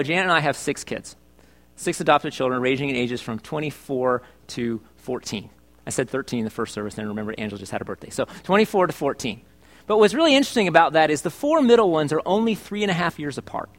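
A middle-aged male pastor preaching a sermon in church, chatty and joking, asking his congregation questions. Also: a little high. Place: church service.

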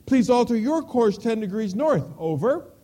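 A man doing a calm unmoved young private. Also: extremely high pitch, moderate pace, pitched above the performer's own voice, heavily acted. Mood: steady. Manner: level, respectful, unmoved.

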